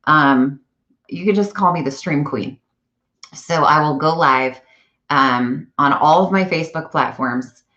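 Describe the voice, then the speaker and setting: A woman chatting casually on a live stream, animated and self-correcting as she talks. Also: deep voice, measured pace. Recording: dull lo-fi live-stream audio.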